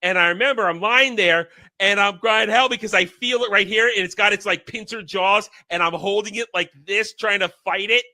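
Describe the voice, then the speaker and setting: A man co-hosting a casual podcast, telling crude, animated stories. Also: sits high, moderate pace, hardly any pauses, dry recording. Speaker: podcast co-host.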